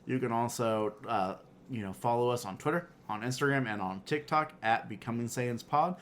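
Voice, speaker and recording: A man's voice: medium pitch, normal speed, a little hiss or hum. Laid-back man co-hosting a podcast. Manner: laid-back, agreeable, leads the segments. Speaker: podcast co-host. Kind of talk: casual podcast chat.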